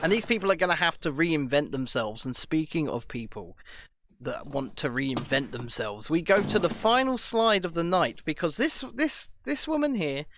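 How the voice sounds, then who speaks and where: Lively, high-pitched man mocking. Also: normal speed, a little hiss or hum. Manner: mocking, opinionated. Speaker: podcast co-host. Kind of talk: casual podcast banter.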